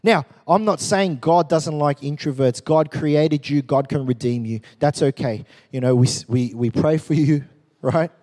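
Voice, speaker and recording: A man, preaching a sermon as a pastor with an animated, joking storytelling manner. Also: on the high side, a little slow, long reverb tail.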